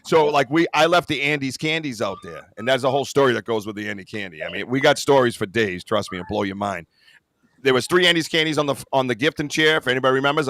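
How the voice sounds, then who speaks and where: A man hosting a podcast, chatting casually and joking loudly, swearing freely over a video call. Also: medium pitch, no echo. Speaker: podcast host. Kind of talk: casual chat.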